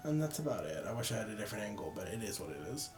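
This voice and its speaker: Over music, a tired, yawning young photography vlogger rambles casually through his photos, joking at his own expense and laughing at his jokes. His lowish voice races very fast with big swings in pitch.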